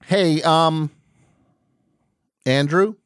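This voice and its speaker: A man's voice: on the high side, extremely slow, clean tone, no echo. A man hosting a live radio show from a studio, joking and sarcastic, with rambling asides. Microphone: studio mic, on camera.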